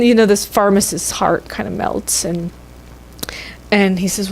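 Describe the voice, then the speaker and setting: A woman minister telling a story in a sermon, conversational and expressive. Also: mid-range voice, a little slow, vocal fry, a little hiss or hum. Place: church sanctuary.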